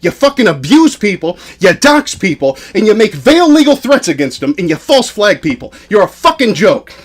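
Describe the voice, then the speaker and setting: High-pitched, animated man ranting hard. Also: moderate pace. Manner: furious, profane ranting. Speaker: stream host. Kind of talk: heated live-stream argument.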